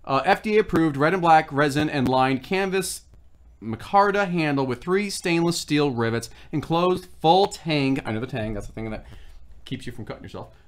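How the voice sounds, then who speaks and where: A man's voice: a little high, expressive, moderate pace. A man hosting a snack-tasting livestream, rambling and reading product labels aloud in casual chat. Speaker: food review livestream host.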